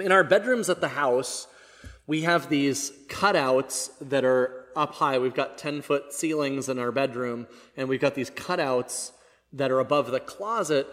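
Male pastor, middle pitch, casual self-deprecating storyteller, slightly strained voice, long reverb of a church hall. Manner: casual and self-deprecating, animated when retelling. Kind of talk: conversational sermon storytelling. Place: church sanctuary.

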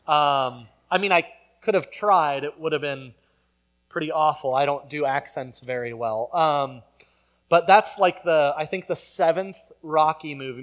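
A man preaching a sermon in a conversational way, building to loud emphatic peaks. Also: on the high side. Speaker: pastor.

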